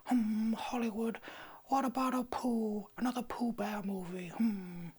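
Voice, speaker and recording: A man doing a comedic impression of Winnie the Pooh, a dreamy, muddled bear, in a soft, breathy, half-whispered murmur. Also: high voice, fairly even intonation, measured pace, voice pushed up.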